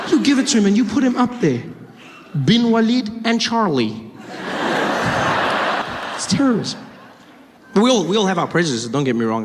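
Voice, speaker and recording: A man performing a stand-up comedy set, telling stories with animated jumps up for emphasis and low asides. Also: slight background noise. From South Africa. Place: large live venue. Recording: stage mic in reverberant hall, loud audience.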